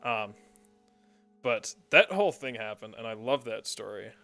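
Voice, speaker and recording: A man's voice: fairly low pitch, animated, a little slow, gravelly, pushed and bright, faint music behind. A young man streaming a game, telling a rambling story with frequent laughter and casual swearing.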